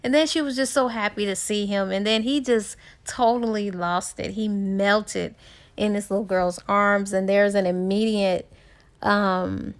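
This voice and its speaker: A woman casually retelling a book's plot in a chatty way, with fillers and restarts along the way. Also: medium pitch. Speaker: book reviewer.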